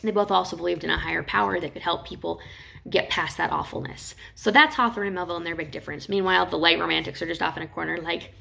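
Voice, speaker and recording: Chatty woman teacher with vocal fry. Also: on the low side, fairly even intonation, sharp tone. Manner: chatty, retells stories with quick acted quotes. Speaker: literature teacher. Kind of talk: casual classroom lecture.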